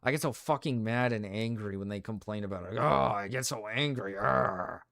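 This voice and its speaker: A man's voice: lowish voice, a little fast, fairly bright tone, no room sound, studio quality. A young man streaming live, ranting casually with lots of swearing and repeated phrases. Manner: ranting, profane, repeats himself. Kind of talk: casual livestream rant.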